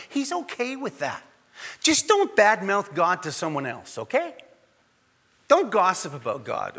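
A man's voice: high-pitched, big pitch swings, unhurried, bright, forceful tone, breathy edge, in a large hall. A man preaching a sermon in a conversational way, acting out the voices of the people he quotes. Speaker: pastor.

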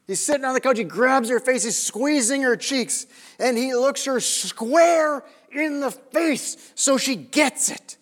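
A man preaching a sermon, pressing his listeners with questions and dropping to hushed tones for emphasis. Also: very high voice, unhurried. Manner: emphatic, questioning the audience, drops to near-whispers. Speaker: pastor. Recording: long reverb of a large hall.

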